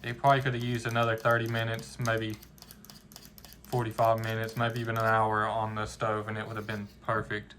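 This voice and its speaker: A man's voice: lowish voice, completely flat delivery, a little fast, a bit bright, slight background noise. A young man hosting a casual cooking vlog in a home kitchen, explaining plainly to viewers. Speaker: channel host.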